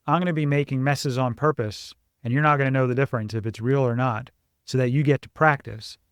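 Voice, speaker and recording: A man co-hosting a parenting podcast, explaining ideas in a casual, animated way and acting out family scenes. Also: mid-range voice, clear, resonant tone, no echo, studio quality. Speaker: podcast co-host, parenting coach.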